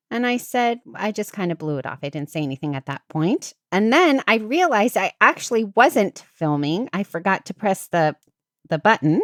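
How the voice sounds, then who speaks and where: A woman hosting a podcast, chatting casually and acting out what people said with sudden jumps in pitch. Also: dry recording, studio quality. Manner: animated, acts out quotes with big pitch jumps. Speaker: podcast host. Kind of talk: casual storytelling chat.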